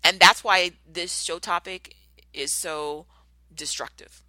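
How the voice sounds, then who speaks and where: A woman's voice: lowish voice, steady tone, takes it slowly, bright, forceful tone, dry recording. A middle-aged woman hosting a podcast, talking earnestly in a rambling casual monologue full of fillers and restarts. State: tearing up, emotional. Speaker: podcast host.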